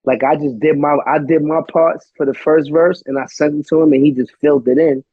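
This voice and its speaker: A man's voice: fairly high pitch, steady tone, fairly quick, husky, dry recording, narrow, tinny audio. A man from Brooklyn, a guest rapper talking casually in an interview, laid-back and profane, leaning on "you know what I mean". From Brooklyn, New York.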